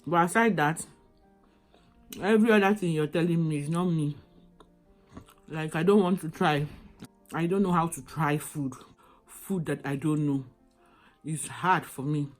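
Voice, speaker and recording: A woman's voice: sits low, a little slow, pauses often, soft background music. A pregnant woman in a hospital room, tired while awaiting labor, chatting casually to camera and circling back to the same phrases. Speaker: vlogger.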